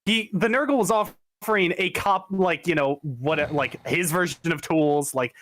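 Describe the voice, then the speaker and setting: A man's voice: on the high side, unhurried, a bit bright. A man playing a tabletop game, talking in a playful, scheming way. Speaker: player.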